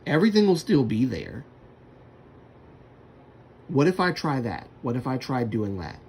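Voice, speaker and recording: A man's voice: mid-range voice, sing-song, a little slow, a little mellow, breathy edge. A man chatting casually on a livestream, rambling and talking to himself while using his computer.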